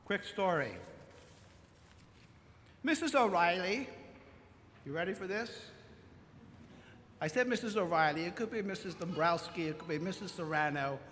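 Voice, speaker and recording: Male priest giving a homily, slow, stretches words, echoey church, faint room hum. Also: high-pitched, a bit bright. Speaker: pastor. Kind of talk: sermon. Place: large church. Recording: long church reverb, faint room noise.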